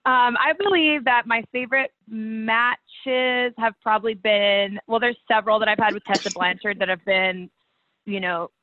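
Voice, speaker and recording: A woman wrestler in a casual interview, telling stories with lively quoted voices and frequent laughter. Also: fairly high pitch, moderate pace, no room sound. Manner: animated storyteller, acts out quotes, laughs often. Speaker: guest, pro wrestler. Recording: tinny phone-like line.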